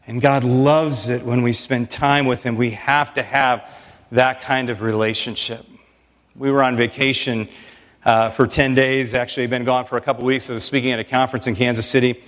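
Animated preaching man in a reverberant hall. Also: medium pitch. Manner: animated, conversational preaching with quick asides. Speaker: pastor. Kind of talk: sermon.

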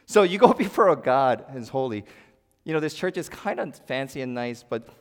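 A man preaching a sermon, his voice rising into loud emphatic bursts and then dropping to a near hush. His pitch sits in a middle range, and a long church reverb trails after his words. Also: sing-song, moderate pace. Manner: dramatic swings between loud emphasis and hushed quiet. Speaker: pastor.

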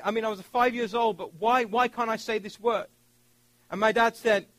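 A man's voice: sits high, fairly quick, a bit bright, dry recording, rough recording. A man preaching a sermon as pastor, telling stories from childhood and joking with his congregation.

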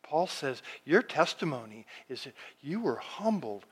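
A man preaching a sermon as pastor, reading scripture slowly and swinging from loud emphatic lines to hushed ones. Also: on the high side, very animated, breathy edge.

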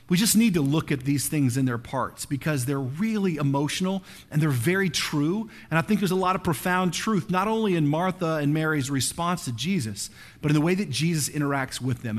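A man preaching a sermon in a conversational, animated way, often checking in with his listeners. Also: a little high. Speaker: pastor.

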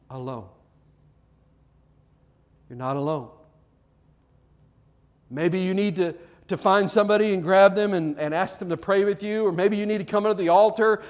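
Earnest male pastor preaching. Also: on the high side. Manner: earnest, repeats words, drops to soft emphatic lines. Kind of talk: sermon. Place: church.

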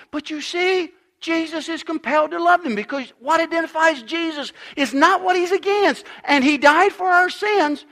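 A middle-aged pastor preaching a sermon, emphatic, dropping to a hush and then rising loud again. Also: male voice, extremely high pitch, normal speed, hardly any pauses. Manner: emphatic preaching, swinging between loud and hushed.

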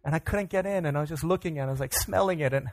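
A man preaching as a pastor, telling a lively personal story during a sermon and acting out the lines of the people in it. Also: fairly high pitch, very fast, no room sound. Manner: animated storyteller, acts out other people's lines. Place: church sanctuary.

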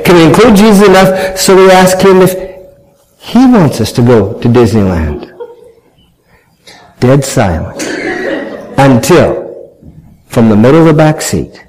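Lively storytelling father. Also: on the high side, a little slow, long pauses, poor audio. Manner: animated, self-mocking, acts out family members' voices. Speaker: father telling a family story to an audience. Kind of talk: humorous storytelling talk.

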